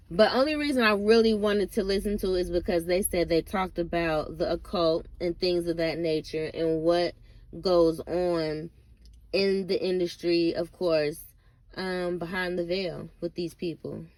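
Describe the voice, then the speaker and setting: A woman's voice: lowish voice, darkish tone, no room sound. A woman vlogger ranting casually to camera, blunt and profane, rambling with lots of fillers and asides.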